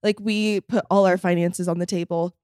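A woman's voice: lowish voice, normal speed, clear, resonant tone, no room sound. Young woman guest on a podcast, chatty storyteller doing little voices for quotes, dry close mic. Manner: animated storytelling, acts out quotes, laughs often. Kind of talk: casual chat.

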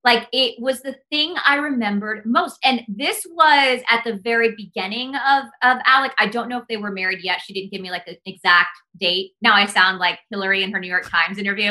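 A woman's voice: mid-range voice, fairly quick, few pauses. A woman from Texas, a guest on a podcast, chatting casually and telling stories with acted-out dialogue. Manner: animated storyteller, acts out dialogue. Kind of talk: casual chat.

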